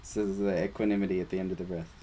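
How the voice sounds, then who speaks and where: Easygoing man guiding group meditation over a call, lower voice, casual and playful. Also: very fast, slight background noise. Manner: relaxed, casual, chatty with playful asides. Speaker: meditation teacher leading a group. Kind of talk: guided meditation discussion.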